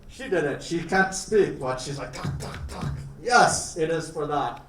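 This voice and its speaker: A man from Canada with a slightly high voice lectures a class about his home country. He keeps his wording simple and jokes as he goes. The sound is roomy and he stands away from the mic. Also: expressive, measured pace, fairly bright tone, faint music behind. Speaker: guest lecturer. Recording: roomy, distant classroom recording.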